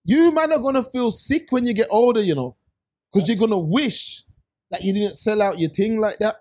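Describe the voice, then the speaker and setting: A man co-hosting a podcast, chatting in animated, slangy banter. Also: high-pitched, moderate pace. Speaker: podcast co-host.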